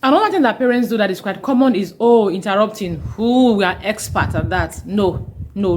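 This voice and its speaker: A woman's voice: mid-range voice, animated, normal speed, background noise. A woman hosting a parenting podcast, giving earnest, emphatic advice and repeating her key points. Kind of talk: instructional talk.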